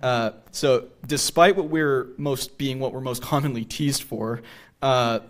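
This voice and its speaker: A man's voice: medium pitch, measured pace. A man from the Greater Boston area giving a public history lecture on a theater stage, explaining step by step and often checking in with "right?".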